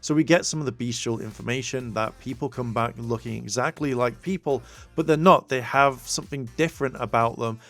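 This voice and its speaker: A man's voice: medium pitch, a little fast, a bit bright, faint music behind. A man recapping a TV episode in a casual, rambling way, full of fillers and restarts. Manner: rambling, many fillers, acts out quotes. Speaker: TV show reviewer.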